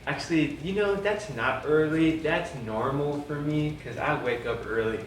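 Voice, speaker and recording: A man's voice: fairly high pitch, moderate pace, far from the mic. A young man from the United States telling a story in casual chat, full of "like" and quoting himself. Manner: rambling, fillers like "like", quotes himself. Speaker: vlogger telling how the couple met. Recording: roomy, from off mic, faint hum.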